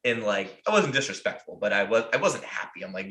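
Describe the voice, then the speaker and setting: A man's voice: lowish voice, big pitch swings, brisk, pushed and bright. An American man telling a long story on a podcast in a casual, profane way, rambling with lots of fillers. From United States. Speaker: podcast host. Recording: roomy echo.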